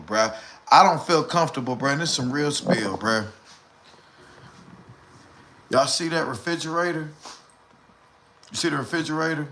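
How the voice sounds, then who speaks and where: Southern American male vlogger, bright forceful tone, slangy repetitive rant. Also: medium pitch. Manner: slangy, emphatic, repetitive ranting. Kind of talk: ranting commentary.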